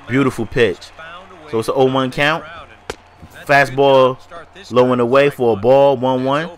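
A man's voice: mid-range voice, a bit bright. A man with a stuffy nose giving casual, hyped gameplay commentary, slangy and talking straight to his viewers. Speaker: gaming YouTuber.

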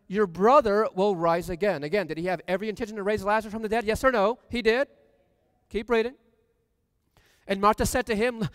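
Male preacher, high and smooth, reads scripture and quizzes the congregation, dry close mic with a long church reverb tail. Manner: reads scripture aloud, then asks the congregation questions. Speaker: pastor. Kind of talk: sermon. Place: church sanctuary.

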